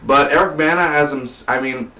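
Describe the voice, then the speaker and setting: A man's voice: a little high, a little fast, background noise. Rambling man, roomy and distant. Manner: rambling, fillers, keeps saying "man". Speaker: movie reviewer. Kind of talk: casual vlog movie review.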